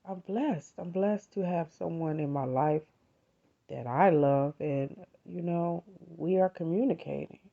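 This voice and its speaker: On a lo-fi recording, a middle-aged podcast host from the United States speaks in a fairly low, gravelly voice at a measured pace. Her talk is a personal reflection on faith and gratitude, sincere and chatty, and she addresses the audience as "you all."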